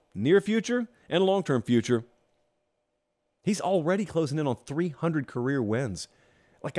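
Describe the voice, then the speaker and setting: Animated male sports talk host. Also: on the high side. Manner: animated, emphatic, sarcastic asides. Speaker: college football show host. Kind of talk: opinionated sports talk monologue.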